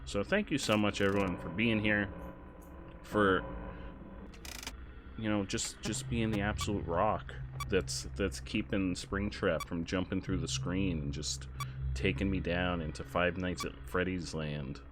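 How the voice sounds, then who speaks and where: A man streaming a game, chatting casually and loudly thanking donors with sudden excited outbursts. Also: a little slow, noisy background. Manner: excitable, shouts out thanks to donors with big jumps in pitch. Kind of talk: casual live-stream chat while gaming.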